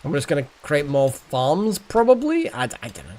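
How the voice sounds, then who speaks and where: A man's voice: mid-range voice, very animated, a little fast, a little mellow. A man streaming a colony-building game live, thinking aloud with muttered asides and wry jokes. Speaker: gaming streamer. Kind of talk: live gameplay commentary.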